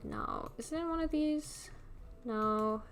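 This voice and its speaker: Gravelly, lively woman streamer rambling. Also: a little high, slow pace, soft background music. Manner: rambling, chatty, laughs often. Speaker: livestreamer playing a block-building game. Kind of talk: casual live-stream chatter while playing.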